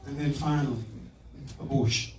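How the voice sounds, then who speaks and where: A man's voice: mid-range voice, fairly even intonation, moderate pace, slight background noise. Earnest man testifying in an echoey hall. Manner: earnest storytelling, building to fervent emphasis. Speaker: speaker giving public testimony. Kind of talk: impassioned personal testimony. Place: city council meeting room. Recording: echoey room from far off.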